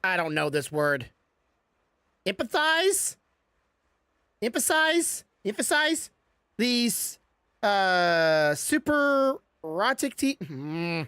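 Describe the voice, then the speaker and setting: A woman's voice: mid-range voice, big pitch swings, slow pace, long pauses, a bit bright, clear, resonant tone, dry recording, studio quality. Chatty woman stumbling through game text. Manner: chatty, stumbles reading aloud, self-mocking. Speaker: gaming streamer. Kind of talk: casual gameplay commentary.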